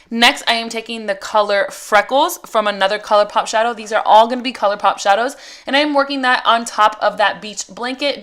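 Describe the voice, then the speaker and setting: A woman talks through a makeup tutorial in a relaxed voice-over. She is chatty and walks through every step in a friendly, conversational way. Her voice sits at an ordinary middle pitch. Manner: chatty, explains each step as she goes. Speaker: makeup artist.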